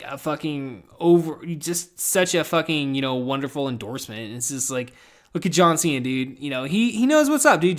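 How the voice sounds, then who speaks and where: A young man with a slightly higher-than-usual voice hosts a casual podcast recap. He rambles through the week, swearing freely and mocking himself as he goes. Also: a bit bright. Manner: rambling, profane, self-mocking. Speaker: podcast host.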